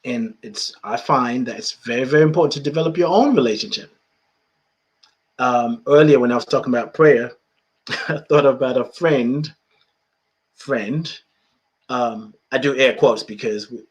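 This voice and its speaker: A man's voice: medium pitch, normal speed. A man from the United Kingdom hosting a podcast, talking reflectively about spirituality, repeating phrases and chuckling often. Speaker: podcast host.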